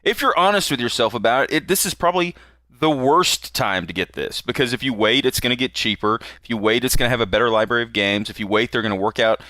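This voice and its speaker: Brief: male gaming podcast co-host, relaxed chat, bright tone, dry close sound. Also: medium pitch, fast talker, no room sound. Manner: easygoing, hedging, many fillers.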